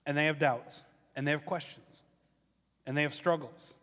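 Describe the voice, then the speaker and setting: Bright-voiced male pastor preaching in a hall. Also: fairly even intonation, moderate pace. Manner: conversational preaching, acts out voices of questioners with rising pitch. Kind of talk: sermon.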